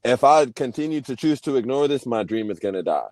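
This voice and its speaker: A man's voice: medium pitch, animated, brisk, darkish tone, no room sound. A young man, a guest on a video call, talking candidly and reflectively, often restarting his sentences. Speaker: guest, Paralympic swimmer. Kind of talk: casual interview over video call.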